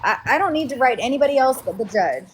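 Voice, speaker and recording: A woman with a slightly high voice, speaking firmly and with opinions in a casual call. Faint noise stays in the background. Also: lively intonation, fast talker, low-quality recording. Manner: firm, opinionated explainer. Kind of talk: casual group chat.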